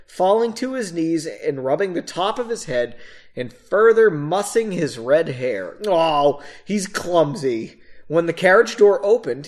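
A man's voice: fairly high pitch, a little mellow. A man reading a story aloud and breaking off for casual, self-mocking asides. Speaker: reader of his own novel.

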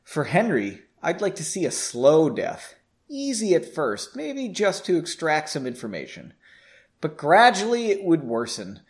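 A man voicing a spiteful, gloating male mage who plays the villain, with a lively, rather high voice. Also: measured pace, full character voice.

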